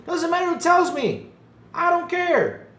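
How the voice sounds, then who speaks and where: Male podcast host, high, animated and profane on a casual livestream, roomy echo. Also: a little slow. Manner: animated, swears freely, acts out quotes.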